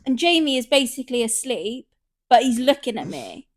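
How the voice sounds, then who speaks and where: A lively woman hosts a podcast and chats, telling stories with big loud bursts when she quotes people. Her voice sits a little high and swings widely in pitch. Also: normal speed. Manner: animated storyteller, swears, acts out quotes loudly. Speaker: podcast host. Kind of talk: casual chat.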